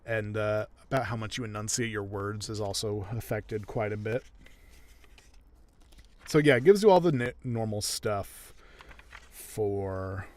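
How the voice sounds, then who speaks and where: Relaxed man chatting about voice craft. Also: lowish voice, measured pace, pauses often. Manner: relaxed, explanatory, with self-corrections. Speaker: audiobook narrator and streamer. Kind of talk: casual explanatory chat.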